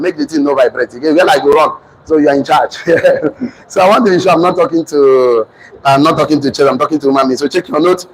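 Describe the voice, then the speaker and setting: A man with a Nigerian accent giving a loud, fervent motivational speech to a live audience, repeating phrases like a preacher. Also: fairly high pitch, fast, crowd noise, low-quality recording. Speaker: motivational speaker and business trainer. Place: training hall with a live audience.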